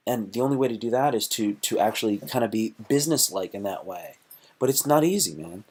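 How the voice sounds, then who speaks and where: A man's voice: fairly low pitch, brisk, darkish tone, slightly rough. A man hosting his own live stream, rambling and joking in a profane, repetitive way. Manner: joking, profane, repeats himself.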